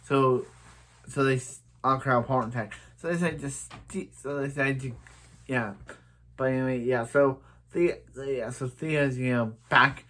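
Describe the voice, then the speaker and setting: A man's voice: mid-range voice, steady tone, moderate pace, a bit bright. A man casually recapping a TV episode, rambling with many restarts and "he's like" retellings. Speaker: TV episode reviewer.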